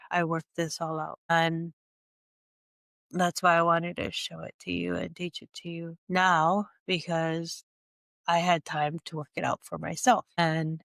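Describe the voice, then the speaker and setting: A woman coach with a stuffy, congested nose, teaching a slow and earnest monologue with frequent restarts. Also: on the low side, gravelly, fairly bright tone, no echo. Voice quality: nasal from congestion. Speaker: speaker and coach.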